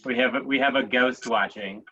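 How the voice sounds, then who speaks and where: A man hosting an online comedy show, talking haltingly and laughing as he introduces the next comic. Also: mid-range voice. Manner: halting, relaxed, laughs often. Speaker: show host. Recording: dull lo-fi stream audio.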